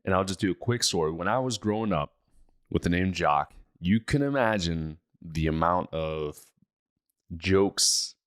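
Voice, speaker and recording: A man's voice: deep voice, expressive, unhurried, clean tone. A man hosting his own show, talking casually and energetically about mindset, with plenty of asides and fillers. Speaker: podcast host. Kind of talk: casual motivational talk.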